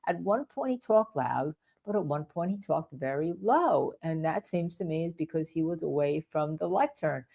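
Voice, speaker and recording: A woman's voice: low-pitched, lively intonation, normal speed, creaky, hardly any pauses, dark tone, breathy edge. An older woman who is a defense attorney, hosting live legal commentary in a rambling way and repeating points for emphasis.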